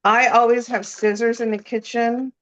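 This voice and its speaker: A woman's voice: fairly high pitch, flat delivery, normal speed, fairly bright tone, muffled recording. A woman cooking live as a guest food expert, chatting and explaining each step and often checking in with "okay?" and "right?". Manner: chatty, explains as she works, ends points with "you know?", "okay?", "right?".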